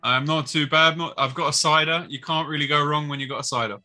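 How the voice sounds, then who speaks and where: Bright-voiced joking podcast guest man. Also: fairly high pitch, fairly even intonation, quick pace, faint music behind. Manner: joking, storytelling, laughs often. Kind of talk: casual podcast chat.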